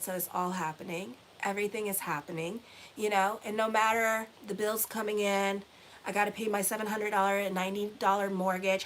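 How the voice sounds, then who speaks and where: A woman's voice: medium pitch, slight background noise. Blunt, swearing woman astrologer. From Haitian heritage. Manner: blunt, swears freely, repeats phrases for emphasis. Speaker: astrologer and tarot reader. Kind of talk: casual motivational talk to viewers.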